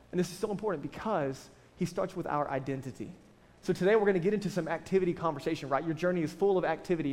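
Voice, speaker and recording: Fast-talking, high-voiced man preaching. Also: long reverb tail. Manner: conversational, animated preaching with frequent "right?" asides. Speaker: pastor. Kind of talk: sermon.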